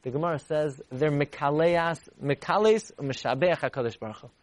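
A man giving a Torah class, animated and repeating lines for emphasis. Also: brisk, dry recording. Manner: animated, repeats for emphasis, rises high to act out voices. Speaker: Torah teacher.

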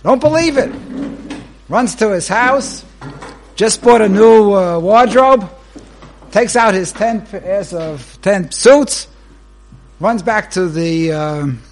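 A man, a rabbi, giving a Torah lecture that opens with a joke, speaking unhurriedly and pausing between short phrases. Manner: animated storyteller whose pitch leaps while telling a joke.

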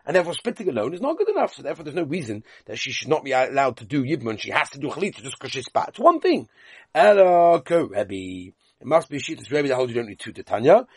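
A man's voice: medium pitch, big pitch swings, fast, darkish tone, husky, dry recording. A man leading a Talmud class, reading the Aramaic text aloud and explaining it in with frequent questions. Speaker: Talmud teacher.

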